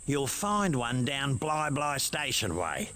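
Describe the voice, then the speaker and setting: A man's voice: medium pitch, sing-song, takes it slowly, pushed and bright, slight background noise, full character voice. An actor playing an easygoing male bilby sidekick with a broad Australian accent and folksy slang in a video game. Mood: friendly.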